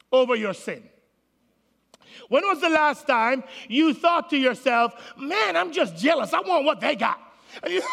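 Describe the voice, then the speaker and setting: A man preaching a sermon to his congregation, animated, calling out to the people in the room. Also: very high-pitched, creaky. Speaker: pastor. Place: large auditorium with congregation. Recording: long hall reverb.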